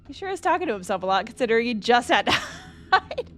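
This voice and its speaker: A woman's voice: high-pitched, very animated, normal speed, a bit bright, slight background noise. A young woman streaming a horror game, joking and swearing bluntly as she plays, with faint game music behind. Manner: blunt, profane, joking asides. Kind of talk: casual gameplay commentary.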